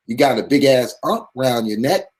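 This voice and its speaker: A man's voice: mid-range voice, animated, a little fast. A man hosting his own channel, giving a blunt, profane, streetwise commentary monologue with a preachy swagger.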